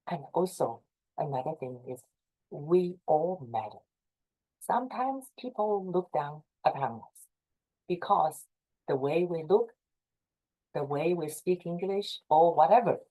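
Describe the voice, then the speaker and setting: A woman's voice: low-pitched, lively intonation, measured pace, dark tone, low-quality recording. Earnest woman with a Chinese accent. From China. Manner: earnest, repetitive, encouraging. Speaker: presenter advising association leaders. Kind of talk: informal talk to a professional group.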